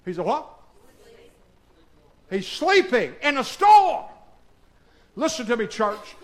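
A man preaching a call-and-response sermon in a church, firing questions at the congregation and swinging between hushed and shouted lines. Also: extremely high pitch, big pitch swings, takes it slowly, pauses often. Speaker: pastor.

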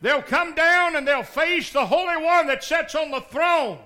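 A man in his sixties preaching a passionate sermon, shouting one moment and pleading quietly the next. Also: very high voice, measured pace. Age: 60s. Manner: impassioned, swings from shouting to hushed pleading. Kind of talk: revival sermon.

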